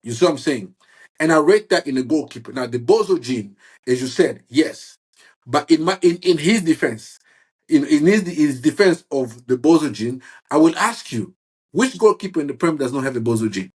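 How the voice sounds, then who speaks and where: Husky-voiced man chatting about football. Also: a little high, expressive, darkish tone. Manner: halting, many restarts, says "bro" and "you see what I'm saying". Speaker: football fan guest. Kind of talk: casual football chat.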